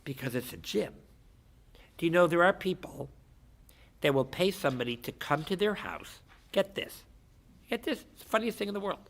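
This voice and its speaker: A man giving a rabbi's lecture, telling stories and acting out the characters, with frequent restarts and sudden shouts. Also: high-pitched, expressive, normal speed, vocal fry, long pauses. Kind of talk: animated storytelling lecture.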